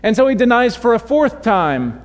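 High-voiced male pastor in a reverberant hall. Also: moderate pace. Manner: animated storytelling, acting out voices in quotes. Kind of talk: sermon. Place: church sanctuary. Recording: long reverb of a church hall.

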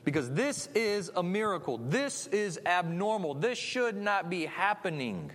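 Male preacher, fairly high voice, chatty sermon style, recorded with long reverb in a large sanctuary. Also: sing-song, measured pace, hardly any pauses, a bit bright. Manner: chatty, with frequent tag questions and restarts. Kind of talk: conversational sermon.

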